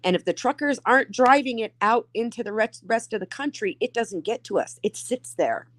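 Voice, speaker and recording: A woman's voice: a little high, lively intonation, brisk. A middle-aged woman in a casual chat, earnest and explaining things at length. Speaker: guest in a chat.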